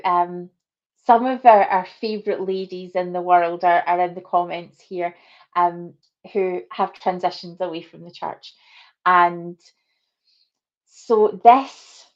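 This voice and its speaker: A woman hosting a livestream discussion, speaking earnestly and deliberately to her guests and viewers over a video call. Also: medium pitch, dull audio. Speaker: host.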